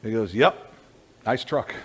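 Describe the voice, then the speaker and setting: A man preaching a sermon as pastor, telling a story with lively energy and many restarts and repeated words. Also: fairly low pitch, slow, husky.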